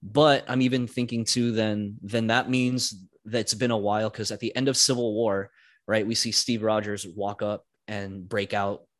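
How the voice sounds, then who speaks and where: A man's voice: lowish voice, little pitch movement, normal speed, no echo. Chatty male podcast co-host, dry sound. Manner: chatty, breaks into playful put-on voices. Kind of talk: casual chat. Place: video call.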